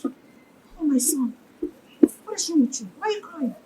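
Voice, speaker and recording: A woman's voice: high-pitched, expressive, measured pace, warm tone, slight background noise. An indignant Nigerian royal mother. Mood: pleading. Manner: pleading, indignant. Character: protective royal wife, defending her children. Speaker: queen and mother. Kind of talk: film drama acting.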